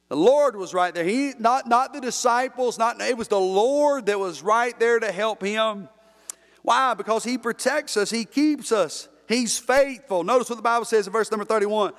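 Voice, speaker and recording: A pastor preaches with a high, ringing male voice. He repeats key phrases and pulls the congregation in with call-and-response. His voice carries a long echo through the church sanctuary. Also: moderate pace, a bit bright. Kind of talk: sermon. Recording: long reverb in a church hall.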